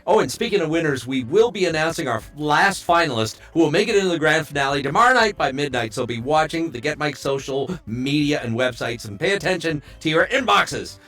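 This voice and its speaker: A man's voice: on the high side, lively intonation, brisk, few pauses, pushed and bright. A man hosting a voice-acting competition, upbeat and showy like an announcer. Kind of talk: live show hosting.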